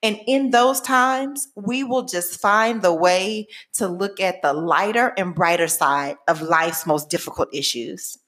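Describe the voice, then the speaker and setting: A woman in her forties from Texas, speaking with a Texan accent. She opens her own podcast as host, lively and playful, stressing words with emphasis. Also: on the low side, measured pace, hardly any pauses. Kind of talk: enthusiastic podcast intro.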